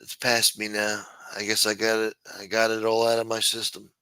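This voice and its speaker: A man's voice: lowish voice, monotone, moderate pace, sharp tone, clean tone, dry recording. A man on a late-night live stream, rambling in a profane, self-mocking way. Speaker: show regular. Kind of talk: casual live-stream chat.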